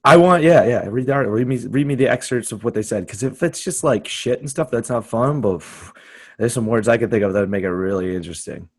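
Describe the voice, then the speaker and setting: A man's voice: mid-range voice, animated, quick pace, slightly rough. A young man co-hosting a comedy podcast, riffing crudely in casual banter with a friend. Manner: riffing, crude, jokey, puts on brief silly voices. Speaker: podcast co-host.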